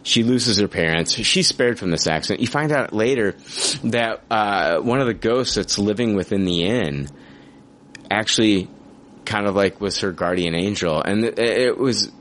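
A man hosting a casual podcast, talking in an animated, profane, mock-outraged way. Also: lowish voice, measured pace, a little hiss or hum. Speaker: podcast host.

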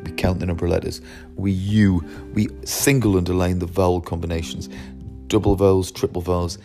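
Deep gravelly male teacher. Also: dark tone. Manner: emphatic, asks and answers his own questions. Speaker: language teacher and trainer. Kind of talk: explanatory teaching talk.

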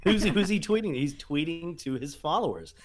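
A man's voice: a little high, moderate pace, over a noisy crowd. A man in casual podcast chat, repeating words as he gets going. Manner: relaxed, conversational, repeats words when starting. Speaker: podcast co-host.

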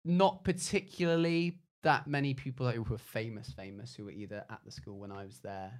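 A young man with a posh English accent, chatting as a podcast guest and telling school stories in an animated way, laughing often. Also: medium pitch, a little fast. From England. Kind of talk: casual interview chat.

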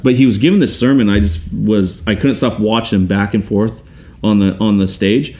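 A man telling a personal story in a casual, animated way, often restarting and acting out what people said. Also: lowish voice, fairly quick. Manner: animated, quotes others in acted voices, restarts often.

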